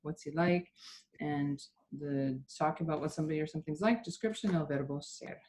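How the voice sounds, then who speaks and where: A woman's voice: low-pitched, fairly quick, darkish tone, slight background noise. A woman teaching a Spanish class, patiently explaining grammar step by step.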